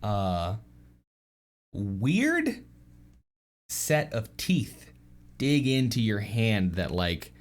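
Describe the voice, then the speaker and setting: A man with a fairly low voice narrates as dungeon master for a tabletop game. His delivery is loose and casual, packed with fillers as he describes the scene to his players. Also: very animated, very slow, long pauses.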